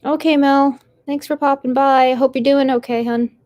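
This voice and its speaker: A woman's voice: high-pitched, fairly even intonation, moderate pace, a little mellow, no room sound. A Canadian woman with a Canadian accent, hosting a casual live stream, tired and rambling as she answers her chat with small apologies.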